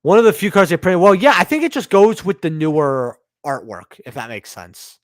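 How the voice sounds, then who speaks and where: Young man, stream host, casual rambling chat, slang and swearing, slightly high voice, dry close sound. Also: expressive, normal speed, dry recording. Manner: slangy, swearing, rambling storyteller who says "bro". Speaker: livestream host.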